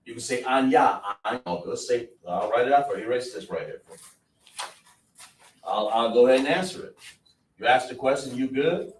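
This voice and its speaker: A man's voice: mid-range voice, animated, normal speed, a little hiss or hum. A male teacher leads a class at the board, drilling words and checking with his students. He sounds far from the mic in a reverberant room. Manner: repetitive, question-and-answer teaching style. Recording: echoey room, voice from a distance.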